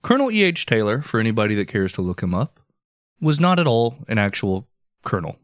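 Lively, teasing man co-hosting a podcast. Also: on the low side, fast, dry recording, studio quality. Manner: crude jokes, teasing, lively. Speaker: podcast co-host and editor. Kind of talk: casual comedy chat.

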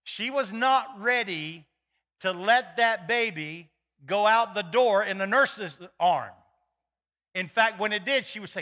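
Male pastor, middle-aged, high voice, bright and forceful, animated sermon storytelling. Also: unhurried. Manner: animated, acts out voices in his stories; folksy, many fillers and restarts.

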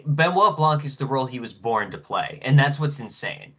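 A man's voice: mid-range voice, lively intonation, moderate pace, fairly bright tone. A man guesting on a casual film podcast, talking with enthusiastic, emphatic praise. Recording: dull lo-fi podcast audio.

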